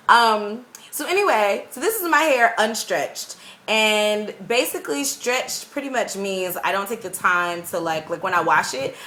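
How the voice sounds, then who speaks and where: A young woman teaching English abroad, chatting to her camera in a rambling, animated way. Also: mid-range voice, slight background noise. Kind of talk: casual talking-head vlog. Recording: echoey room.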